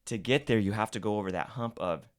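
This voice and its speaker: A man with a very deep voice talks casually as a podcast guest. He is talkative and often restarts his sentences and repeats words. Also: quick pace. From California's Central Valley. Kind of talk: casual conversation.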